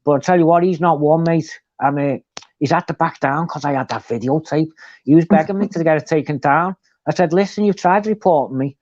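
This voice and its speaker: A chatty man, pitched a little high for a man. He tells his stories in an animated, running way. The sound is dull and lo-fi but dry. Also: brisk, no echo. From England. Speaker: co-host. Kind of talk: casual live chat.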